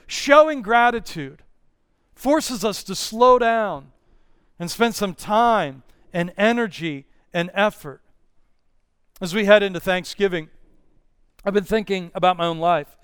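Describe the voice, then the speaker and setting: A male pastor preaching an earnest, measured sermon with Bible readings. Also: sits high, a bit bright, smooth, no echo, clean studio sound.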